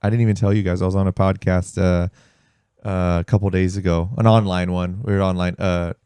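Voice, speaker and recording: A man chats on a podcast, spinning animated stories and acting out what people said, swearing as he goes. His voice sits fairly low with a mellow, dark tone. The sound is dry and close, with no room behind it. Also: a little fast, clean tone, dry recording. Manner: animated storyteller, swears freely, acts out quotes. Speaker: podcast host. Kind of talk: casual podcast chat. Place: podcast studio.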